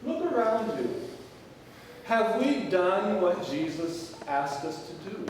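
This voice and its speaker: High-voiced pastor preaching in an echoey hall. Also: male voice, very animated, takes it slowly, slight background noise. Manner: acts out quoted voices, drops to quiet for key points. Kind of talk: sermon with storytelling. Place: large church sanctuary. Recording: echoey church hall from far off.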